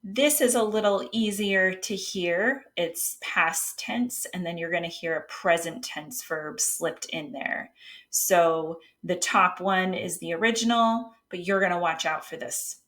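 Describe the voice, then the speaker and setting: A woman's voice: on the low side, a little slow, fairly bright tone. A woman editor explaining writing technique in a casual, patient way, with occasional fillers and restarts. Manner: reads example passages aloud. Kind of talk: casual instructional talk.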